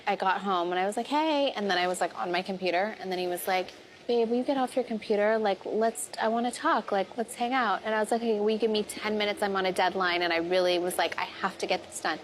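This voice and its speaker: A woman candidly telling a personal story in a soft, tired tone, full of "like". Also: medium pitch, quick pace, a little hiss or hum. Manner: soft, frequent likes, tired tone. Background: music.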